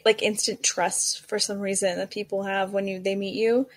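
A young woman chatting casually in a group, telling animated stories and acting out what people said. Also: moderate pace. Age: young adult. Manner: animated storyteller, acts out quotes with rising pitch. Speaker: watch enthusiast guest.

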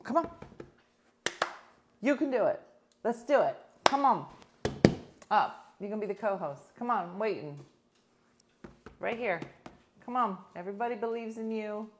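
A woman's voice: medium pitch, animated, a little slow, long pauses, noisy background. A woman in her fifties chatting casually and coaxing her dog, treating it as her playful co-host. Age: 50s. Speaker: host of a home pet show.

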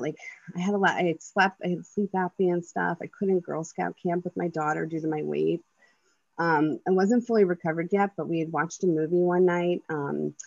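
A woman's voice: fairly low pitch, a little mellow, no echo, highs cut off. A woman in her thirties giving an earnest personal share at a twelve-step meeting, talking loosely with many ums, likes and restarts.

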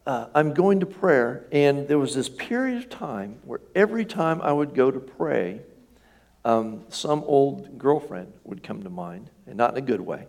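With a medium-pitched, gravelly, slightly mellow voice, a middle-aged pastor preaches conversationally and keeps asking his congregation questions.

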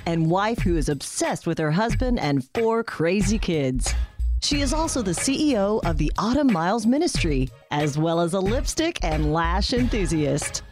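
A woman's voice: on the low side, animated, normal speed, a little mellow. A woman giving a polished, upbeat scripted introduction as the show's announcer. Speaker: show announcer. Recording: music bed under voice.

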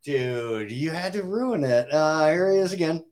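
A man's voice: fairly high pitch, expressive, a little slow, darkish tone. A man co-hosting a casual podcast who teases his partner, keeps the show moving and reads listener comments. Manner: teasing, wry, drives the show along. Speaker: podcast co-host.

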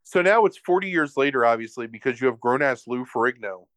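Animated man retelling a movie. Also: medium pitch, brisk, no room sound. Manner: animated, profane, acts out characters. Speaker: podcast host. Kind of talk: casual chat, comic movie recap.

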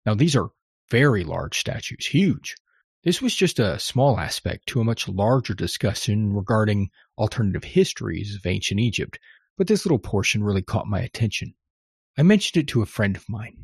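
A man's voice: lowish voice, lively intonation, normal speed, creaky, slightly rough, dry recording, studio quality. A man hosting a podcast, talking through a scripted monologue in a conversational, wry manner. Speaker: podcast host.

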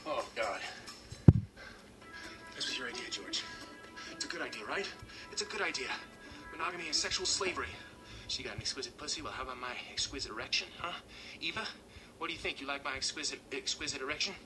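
A man plays an awkward, jittery guy hyping himself up before his reflection, crude and giggly. His voice leaps around with lively pitch at a middle height. It is film audio with a music bed running underneath. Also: fast talker, long pauses, lightly acted, rough recording. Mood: hyped-up, awkward. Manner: crude, hammy, giggling self-talk. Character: nervous man psyching himself up in a mirror. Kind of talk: film comedy scene.

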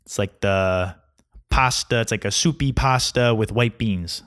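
Grumpy ranting young man, lowish voice. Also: brisk, fairly bright tone. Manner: grumpy, ranting, mocks mispronunciations. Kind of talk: casual comedic rant.

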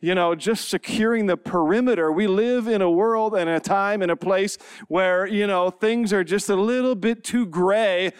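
A man's voice: sits high, moderate pace, few pauses, smooth, dry recording, studio quality. A man in his forties, a pastor, opening his sermon with a funny personal story before reading scripture and praying. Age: 40s. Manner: humorous, self-deprecating storytelling, laughing often.

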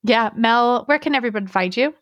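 A woman's voice: fairly high pitch, moderate pace, a bit bright, dry recording. Giggly gaming podcast co-host lady, chatty, dry close mic. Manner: chatty, giggly, with many fillers. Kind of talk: casual chat.

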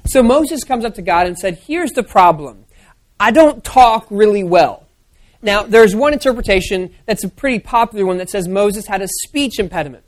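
A young woman preaching a sermon, retelling scripture as animated storytelling and acting out the quotes. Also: medium pitch.

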